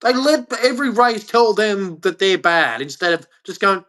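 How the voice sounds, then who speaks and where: A man's voice: high voice, animated, moderate pace, a bit bright. A man with an Australian accent, ranting bluntly and angrily to camera in a profane vlog monologue. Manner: blunt, angry and profane, with heavy emphasis. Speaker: vlogger.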